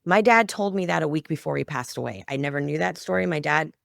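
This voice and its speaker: A woman's voice: sits low, expressive, quick pace, creaky, a bit bright, dry recording, studio quality. A middle-aged woman, a guest on a podcast, telling a family story in a heartfelt, emotional way. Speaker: guest, founder of a children's music project. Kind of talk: conversational storytelling interview.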